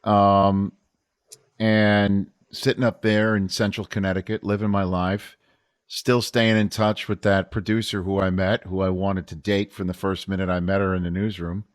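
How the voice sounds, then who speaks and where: A middle-aged man with a lowish voice co-hosts a casual podcast. He is teasing and playful, and he cuts in to tell his own stories. The recording is dry and close. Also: level tone, moderate pace, no echo. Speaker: podcast co-host. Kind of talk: casual chat.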